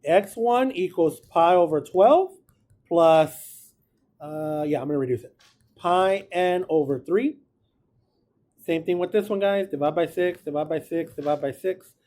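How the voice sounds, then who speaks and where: A man's voice: fairly high pitch, unhurried, a little mellow. A man teaching a math class, casual and encouraging, talking through each step aloud. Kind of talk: classroom lecture.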